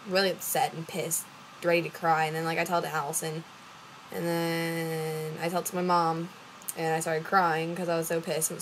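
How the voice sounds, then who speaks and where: A woman's voice: low-pitched, a little hiss or hum, low-quality recording. Chatty young woman telling a story. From Louisiana. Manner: rambling, acts out quoted voices, many fillers. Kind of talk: casual storytelling vlog.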